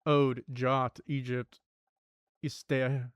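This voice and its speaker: A man's voice: mid-range voice, level tone, extremely slow, clean tone, dry recording, studio quality. A young man streaming himself solving word puzzles, thinking aloud, swearing and muttering clues to himself.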